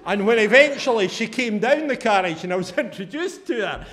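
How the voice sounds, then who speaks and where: High-voiced Scottish man telling stories. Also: animated, a little fast, few pauses, fairly bright tone. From Fife, Scotland. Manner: chatty, anecdotal, swears casually. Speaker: conference speaker. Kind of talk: humorous storytelling talk.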